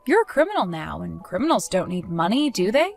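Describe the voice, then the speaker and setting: A woman speaks in a calm, cold and accusing tone as a wronged fiancée in a dramatized story. Her pitch sits in an ordinary middle range. Faint music plays behind her. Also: a little fast, vocal fry.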